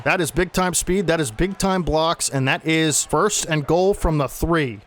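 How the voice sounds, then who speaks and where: Excitable young man calling his game. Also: on the high side, normal speed, hardly any pauses, slight background noise. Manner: excitable, talks to viewers as "folks". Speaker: gaming channel host. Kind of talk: play-by-play commentary over a video game.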